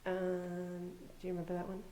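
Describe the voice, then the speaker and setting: Lady doing the kids' message at church, mellow voice, lots of questions, echoey room. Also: fairly low pitch, brisk, slight background noise. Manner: animated, asks questions, acts out voices. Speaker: children's message leader. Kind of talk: children's sermon, storytelling to kids. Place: church sanctuary. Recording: echoey sanctuary.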